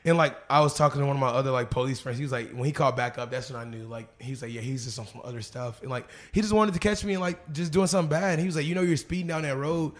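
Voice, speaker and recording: A man's voice: fairly high pitch, rapid-fire, hardly any pauses. A young man from Arkansas telling stories in a loose, slang-heavy casual chat, full of fillers. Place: living room couch.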